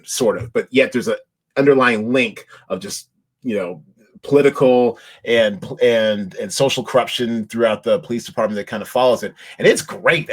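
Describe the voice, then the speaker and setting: A man hosting a podcast, chatting casually about TV shows in a rambling way, with lots of restarts and fillers. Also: medium pitch. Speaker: podcast host. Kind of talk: casual chat.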